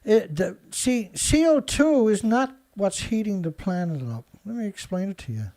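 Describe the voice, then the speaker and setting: A man's voice: high voice, lively intonation, normal speed, warm tone. Indignant man ranting over news headlines. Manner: sarcastic, indignant, heckles headlines aloud. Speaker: show host.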